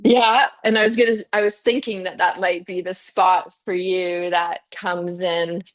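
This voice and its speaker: A woman's voice: on the low side, flat delivery, a little slow. A middle-aged woman teaching a live yoga class, chatty and encouraging, often saying "yeah" and "okay" as she guides students.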